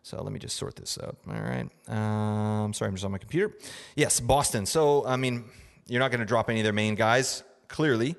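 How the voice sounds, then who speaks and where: A young man hosts a casual fantasy hockey podcast, rambling with lots of fillers and often asking "right?" His voice is on the low side, fairly quick, with vocal fry and a big-room sound.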